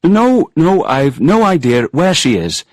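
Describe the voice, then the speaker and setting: A man's voice: fairly high pitch, very animated, measured pace, no echo, clean studio sound, voice pushed up. A man reading a storybook and voicing a hungover male writer who mumbles and protests, groggy and flustered.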